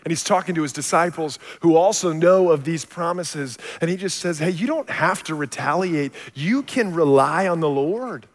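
A man with a slightly high voice preaching from the pulpit. He tells stories in an animated way, dropping low and quiet, then building to shouts. His voice rings out with a long reverb around the hall. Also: normal speed, few pauses. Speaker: pastor. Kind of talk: sermon.

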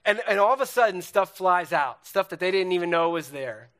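A pastor delivers a sermon in church with animated, chatty energy. His voice sits high for a man, and he often repeats words and starts sentences over as he talks to the congregation. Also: fairly quick. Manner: animated, repetitive, stumbling restarts. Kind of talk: sermon with a puppet illustration.

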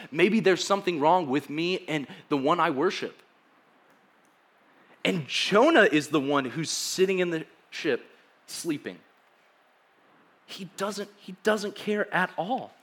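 A man's voice: a little high, a bit bright. A young man preaching a sermon in a casual, joking way, acting out the people in the story as he goes. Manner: casual, joking, acts out quoted dialogue.

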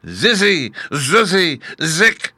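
A man voicing a wicked old female witch who chants spells and barks commands in a shrill voice. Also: lively intonation, takes it slowly, no room sound, exaggerated voice. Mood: chanting. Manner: shrill incantations and loud commands.

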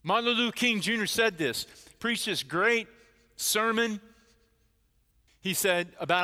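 High bright-voiced guy preaching, acts out the characters, church hall reverb. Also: moderate pace. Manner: animated storyteller, acting out quoted voices. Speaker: pastor. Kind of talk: sermon.

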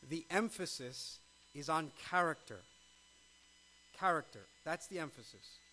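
High-voiced man preaching a sermon. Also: fairly bright tone, low-quality recording. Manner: emphatic, with frequent rhetorical questions. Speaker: pastor.

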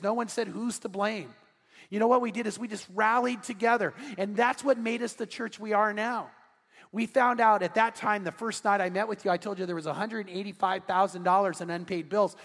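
A male pastor telling a story during a sermon, acting out the dialogue with animated delivery. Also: sits high. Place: large church sanctuary. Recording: church hall reverb.

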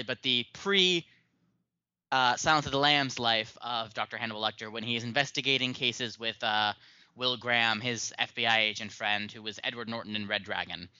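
A man's voice: medium pitch, bright, forceful tone, smooth, no echo, dull audio. A man hosting a podcast in casual chat, rambling and self-mocking with lots of ums and uhs. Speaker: podcast host.

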